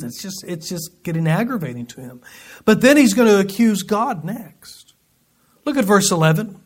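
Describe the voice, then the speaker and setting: Man, high-pitched, folksy Bible teacher; casual verse-by-verse study with joking asides. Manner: folksy, joking asides between scripture readings.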